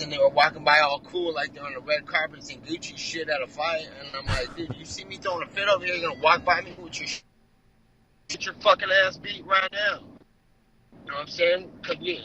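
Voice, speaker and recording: A man's voice: fairly high pitch, pushed and bright, a little hiss or hum, low-quality recording. A man, a fighter on a remote video call, telling a heated, rambling story full of slang and swearing. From California. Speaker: fighter guest. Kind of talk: casual profane interview talk.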